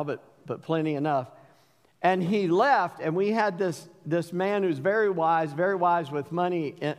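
A middle-aged pastor delivers a sermon in a folksy, storytelling way. His voice sits high for a man and climbs further when he quotes. The sound rings with the long reverb of a church hall. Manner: folksy storytelling preacher, rises in pitch when quoting.

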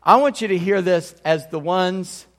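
A man's voice: high voice, unhurried, big-room sound. A man pastor preaching a sermon in a conversational way, often checking in with his congregation.

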